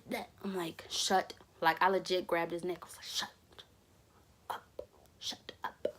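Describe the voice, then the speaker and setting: A young woman tells a story on her vlog, laughing and acting out the dialogue. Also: on the low side. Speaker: vlogger.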